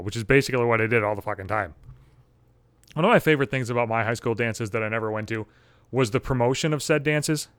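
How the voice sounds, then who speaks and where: A man's voice: medium pitch, no echo. A young man ranting crudely and with exasperation on his podcast, swearing constantly. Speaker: podcast host. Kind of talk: profane comedic rant.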